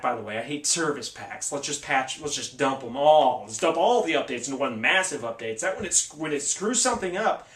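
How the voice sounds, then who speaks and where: A man's voice: a little high, a bit bright, roomy sound, far from the mic. A man hosting a tech video, ranting casually with sarcasm and exasperation.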